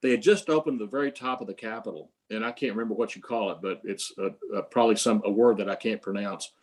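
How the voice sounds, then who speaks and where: A man's voice: lowish voice, fast talker, slightly rough. An older man, an interview guest, telling long stories with many fillers and restarts. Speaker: interview guest, prize creator. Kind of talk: storytelling in an interview.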